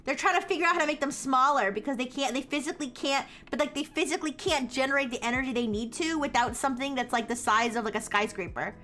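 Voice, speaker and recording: High-voiced rambling young woman streamer. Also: quick pace, few pauses, pushed and bright. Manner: rambling, full of "like" and restarts, laughs often. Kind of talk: casual live-stream chat.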